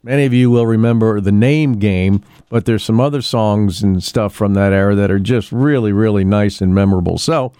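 A man's voice: on the low side, moderate pace, few pauses, mellow, clear, resonant tone, no echo. Rambling man hosting local radio. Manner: rambling, chatty, with many fillers and restarts. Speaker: radio host. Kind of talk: casual local radio chat. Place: radio studio.

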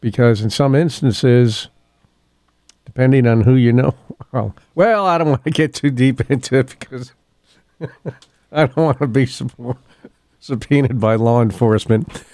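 A man's voice: mid-range voice, unhurried, pauses often, a little mellow, no echo, clean studio sound. A middle-aged man hosting a local radio show, chatting casually, often chuckling and losing his place in his notes. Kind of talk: casual morning radio talk. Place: radio studio.

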